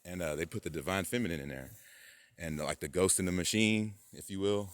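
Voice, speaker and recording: Talking fairly quickly with no room sound, a man rambles through a monologue on his own channel. Fillers pile up, and he'll abruptly break into loud, high-pitched mock voices.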